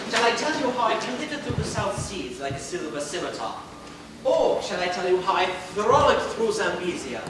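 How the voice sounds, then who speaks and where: A man acting a flamboyant, vain celebrity playwright in a live stage play, with a grandiose, theatrical delivery. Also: high-pitched. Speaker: stage actor. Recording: distant, echoey and noisy theater recording.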